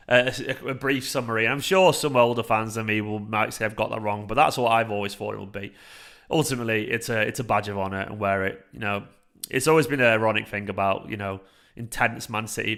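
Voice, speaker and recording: Casting: young man, livestream host, animated, loose, swears freely, mid-pitched. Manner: animated, chatty, swearing, frequent fillers and restarts. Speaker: fan channel host reading live chat. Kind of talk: casual livestream chat.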